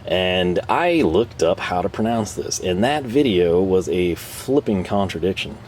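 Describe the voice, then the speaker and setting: Reviewing tools for his channel in a relaxed, rambling way, a North American host is self-deprecating and chuckles frequently. His deep, slightly mellow voice is expressive and unhurried, with slight background noise.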